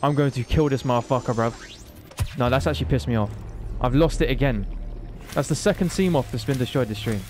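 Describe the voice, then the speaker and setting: A young man streaming a game live, excitable and swearing often, talking to the creatures on screen. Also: mid-range voice, a little fast, soft background music. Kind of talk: live gameplay commentary.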